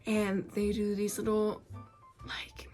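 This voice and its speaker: A woman's voice: mid-range voice, completely flat delivery, takes it slowly, darkish tone. A young woman talking casually to camera as a content creator, chatty and full of fillers. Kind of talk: casual vlog talk. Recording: faint music behind.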